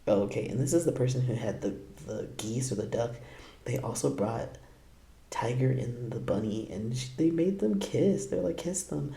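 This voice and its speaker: A man's voice: mid-range voice, expressive, moderate pace, vocal fry, dark tone, echoey room. A man hosting a casual reaction video, laughing often and tossing out playful asides.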